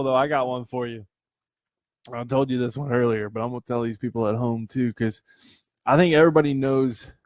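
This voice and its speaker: A man co-hosting a casual comedy podcast, telling animated stories, swearing a lot and laughing often. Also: mid-range voice, no echo. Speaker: podcast co-host.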